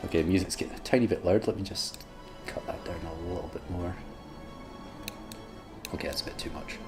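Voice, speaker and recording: A man's voice: low-pitched, brisk, music in the background. A man on a casual livestream reading a play aloud, crude and self-mocking, who laughs often.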